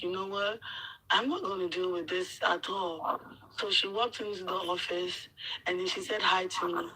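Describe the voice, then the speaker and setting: A woman's voice: lowish voice, husky, low-quality recording. A Nigerian woman whose first language is Yoruba, telling a workplace story in casual chat and acting out what people said. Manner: animated storytelling, acts out quoted exchanges, repeats words. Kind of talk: casual chat, switching between English and Yoruba.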